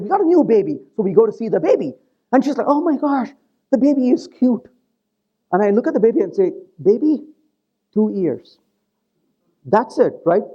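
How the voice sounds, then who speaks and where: A man giving a live technical conference talk, animated and joking, who keeps turning to the audience with quick questions. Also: very high-pitched, muffled recording. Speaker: conference presenter.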